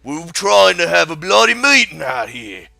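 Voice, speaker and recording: A man voicing a gruff, bossy male police chief in a fan dub, barking orders. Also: fairly high pitch, very animated, normal speed, bright, forceful tone, faint music behind, full character voice. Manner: barking, curt.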